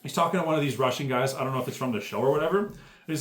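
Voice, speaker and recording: A man's voice: medium pitch, racing, a bit bright, echoey room. A man giving a casual, profane commentary rant, rambling and full of fillers. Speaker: MMA commentary YouTuber.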